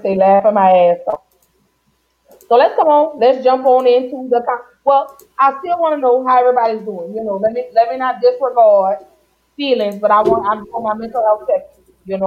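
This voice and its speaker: A woman from Louisiana hosting a podcast in casual chat, playful and warm-hearted, singing out her greetings. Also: a little high. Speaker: podcast host. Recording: dull lo-fi sound.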